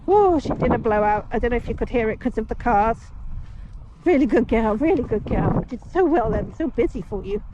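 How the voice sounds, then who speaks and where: A woman talks casually from horseback on a busy road, telling a story and murmuring praise to her horse. Her voice sits high. The muffled, dull recording is full of traffic noise. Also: animated, brisk. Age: 40s. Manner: chatty, soothing her horse, thanking passing drivers. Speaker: horse rider vlogger. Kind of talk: casual story-time chat while riding. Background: passing traffic.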